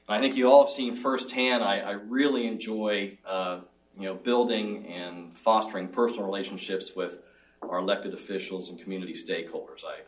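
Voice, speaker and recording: A man's voice: lowish voice, distant mic, low-quality recording. A middle-aged man answering as a job candidate in a formal interview, speaking earnestly and measuredly with small restarts.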